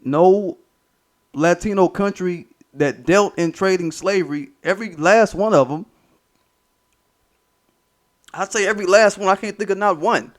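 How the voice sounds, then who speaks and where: A man's voice: high voice, unhurried, long pauses. An American man hosting a commentary channel, delivering a political monologue in an emphatic, profane, repetitive and preachy way. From United States.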